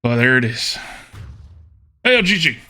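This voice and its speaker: Lively, bright-voiced man musing through gameplay. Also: mid-range voice, a little slow. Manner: thinks aloud with murmured hmms and repeated okays. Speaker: streamer playing a card game. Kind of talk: casual live gameplay commentary.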